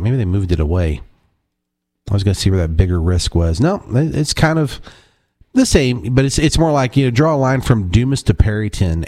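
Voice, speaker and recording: A man's voice: on the low side, a little mellow, no room sound, studio quality. A man hosting a local call-in radio show, chatty and rambling, correcting himself as he goes. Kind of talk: casual radio talk. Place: radio studio.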